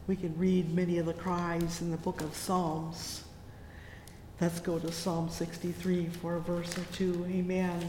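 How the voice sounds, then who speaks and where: A preacher delivering a sermon with fervent, drawn-out cries of "oh yes" and "oh my". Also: medium pitch, a little mellow, reverberant, in a large hall, a little hiss or hum.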